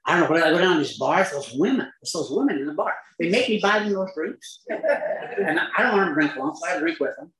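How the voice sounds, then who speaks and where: An older man with a drawl spins his recovery story for a live crowd, poking fun at himself and chuckling along the way. His voice sits a touch high for a man, and the room around him rings with echo. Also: animated, a little fast, fairly bright tone. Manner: wry, self-mocking humor, chuckling at his own story. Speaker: recovery speaker. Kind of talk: storytelling talk to a live audience.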